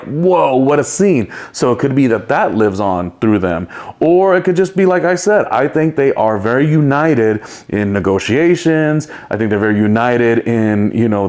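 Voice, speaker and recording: A man hosting a solo podcast, talking in a chatty, rambling way and laughing often. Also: medium pitch. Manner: chatty and rambling, with playful impressions and frequent laughs. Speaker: podcast host. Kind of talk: casual solo commentary.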